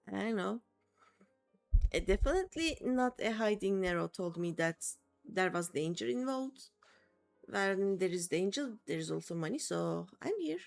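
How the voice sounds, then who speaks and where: A woman streamer at home, tired and yawning, chatting in a rambling, casual way. Her pitch jumps around a lot, and faint game music runs underneath. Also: lively intonation, a little slow, vocal fry.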